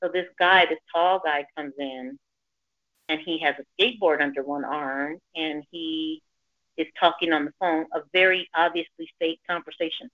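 A woman's voice: sits low, moderate pace, dry recording. A middle-aged woman and grandmother telling a personal story in a casual chat, acting out the voices of people she quotes. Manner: animated, acts out quoted voices. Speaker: caller sharing a story. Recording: dull lo-fi sound.

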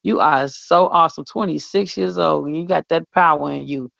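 A woman's voice: low voice, moderate pace, creaky, fairly bright tone, no echo. A woman co-hosting a radio show, talking in a fervent, preachy way and repeating herself for emphasis. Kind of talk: casual on-air chat. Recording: dull lo-fi audio.

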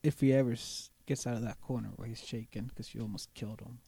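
A woman's voice: rumbling low, fairly even intonation, fast, mellow, slightly rough, no echo. A woman guest on a casual podcast, adding dry joking asides. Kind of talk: casual chat.

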